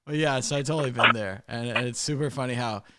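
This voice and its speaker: A man's voice: medium pitch, quick pace, heavy background noise. An American man hosting a casual chat, joking and telling rambling stories. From United States. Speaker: host.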